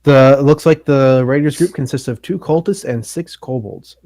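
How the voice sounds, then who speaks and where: A man narrating as game master in a tabletop game, describing the scene in a steady, matter-of-fact way. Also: mid-range voice, moderate pace, no echo.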